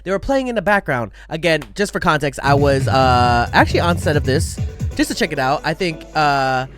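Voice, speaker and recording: A young man streaming live with a lively, bouncing voice that swings widely in pitch. He talks casually and excitedly, full of slang, as he reacts to a music video. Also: normal speed.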